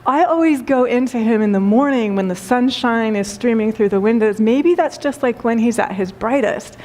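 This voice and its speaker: A woman's voice: fairly high pitch, moderate pace, a little mellow, lightly acted. A woman voicing a frustrated, arrogant male hospital doctor who keeps asking insistent, exasperated questions. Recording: long hall reverb.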